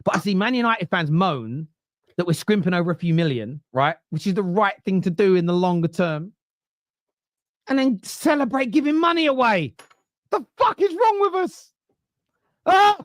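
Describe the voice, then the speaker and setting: Brief: male podcast host, high voice, dry close mic, heated sweary fan rant. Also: big pitch swings, a little fast, no echo. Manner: exasperated, sweary, ranting.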